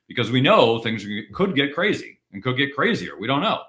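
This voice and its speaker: A man's voice: medium pitch, very animated, moderate pace, hardly any pauses, pushed and bright. A man co-hosting a casual podcast discussion, talking emphatically and driving points home by repeating them, with frequent restarts. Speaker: podcast co-host.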